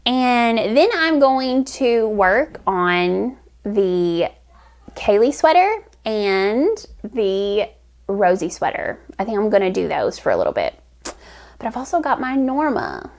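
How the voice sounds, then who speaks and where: A woman's voice: mid-range voice, sing-song, slow. A woman hosting a crafting vlog, chatting enthusiastically to camera with rambling restarts. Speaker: knitting vlog host. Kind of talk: casual chat to camera.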